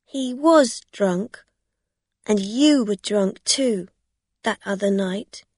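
A woman voicing a young swindler who is defensive, protesting in a high, tense voice. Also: slow, darkish tone, slightly rough, no echo, studio quality.

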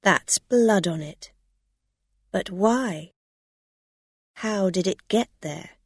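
A woman voicing a drunk, red-faced man who is angry and confused, talking loudly. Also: medium pitch, drawn-out words, breathy edge, no room sound, studio quality, full character voice. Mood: drunk, bewildered.

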